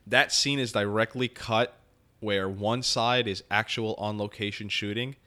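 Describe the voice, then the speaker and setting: A man's voice: fairly low pitch, unhurried. A man co-hosting a podcast, talking casually and rambling with frequent swearing as he breaks down a TV episode. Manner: rambling, animated, swears freely. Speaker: podcast co-host. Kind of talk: casual chat.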